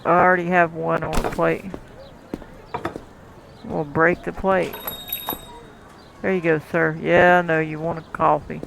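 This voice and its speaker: A man's voice: fairly high pitch, level tone, a little slow, creaky, long pauses, background noise. A man casually commenting while playing a cooking game, talking to the customers and chuckling often. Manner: chatty, talks to the game's customers, chuckles often. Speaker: gameplay commentator.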